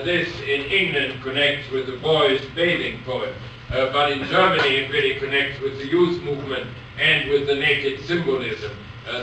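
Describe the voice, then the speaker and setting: A man giving a university lecture, reading poetry aloud slowly and otherwise talking haltingly with many pauses. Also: medium pitch, sharp tone. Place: lecture hall. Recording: echoey hall from far off, faint noise.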